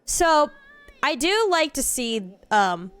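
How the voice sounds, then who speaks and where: A woman's voice: sits high, big pitch swings, takes it slowly, a bit bright. A woman streamer giving chatty, self-deprecating commentary on a game as she plays, laughing often. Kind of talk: casual gameplay commentary.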